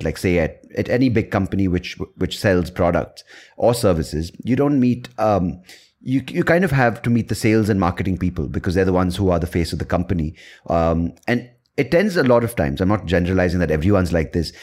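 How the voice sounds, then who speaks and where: A man with a somewhat low voice hosts a podcast conversation. He builds long, winding questions, often restarting mid-phrase and checking in with "right?" as he goes. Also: a little mellow. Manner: rambling, restarting, many fillers and "right?". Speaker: podcast host.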